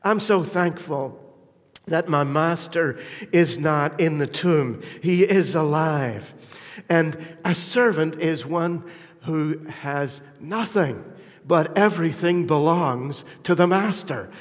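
A man preaching a sermon, fervent and emphatic at the peaks, then dropping to a quiet, intimate tone. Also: on the high side, takes it slowly, big-room sound.

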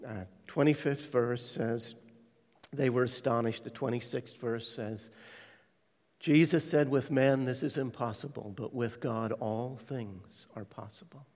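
A man preaching a sermon, telling his testimony with hushed, tender stretches and sudden loud quoted voices. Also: mid-range voice, steady tone, unhurried. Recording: large hall reverb.

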